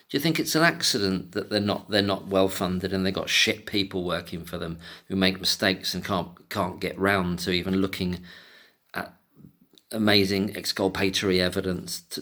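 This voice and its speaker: A man in an angry solo rant, agitated and sweary, stumbling over restarted words in rapid outbursts. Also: deep voice, fairly bright tone. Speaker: commentator.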